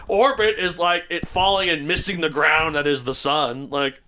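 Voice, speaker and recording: Bright-voiced, excitable man. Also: moderate pace. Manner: rambling, laughs often, jumps pitch when excited. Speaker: podcast host. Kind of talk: casual chat.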